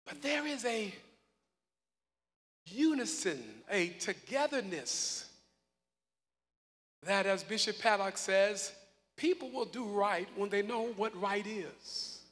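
A male pastor preaching a live sermon, calling on congregation members by name and breaking into loud shouts. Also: high-pitched, slow, long pauses. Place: large church hall. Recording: live in a reverberant hall with congregation.

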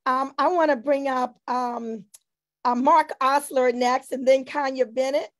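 A woman's voice: high-pitched, fairly even intonation, unhurried. A woman hosting an online tribute gathering, emotional and teary as she thanks each speaker and brings the next one up. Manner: tearful, emotional, warm thanks. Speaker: host.

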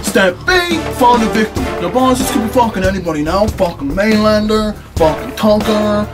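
A man's voice: high-pitched, lively intonation, moderate pace, music in the background. A young man with a Newfoundland accent, rambling and swearing through a hungover comedy sketch.

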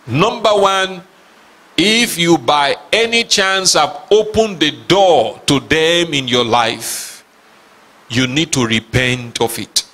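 A man's voice: on the high side, slow pace, sharp tone. A man preaching a sermon as pastor, reading scripture aloud with emphasis and asking his listeners questions. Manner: reads scripture aloud dramatically.

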